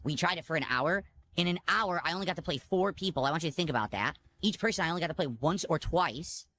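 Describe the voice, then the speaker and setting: A man speaks in a played stream clip, emphatic and repetitive as he complains. His voice is fairly high, bright and sharp. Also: animated, quick pace, a little hiss or hum. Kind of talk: streamer monologue.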